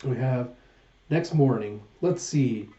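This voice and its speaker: A man reading a manga aloud in a casual way, often stopping to correct names. His voice is mellow and mid-pitched. The echoey room makes the sound a little dull. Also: animated, slow pace. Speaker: manga reviewer.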